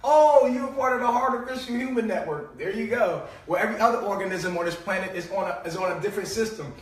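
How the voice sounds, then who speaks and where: A man's voice: high-pitched, fast talker, echoey room, recorded from a distance. A man hosting a casual live-stream monologue, preachy and profane, often laughing and asking rhetorical questions.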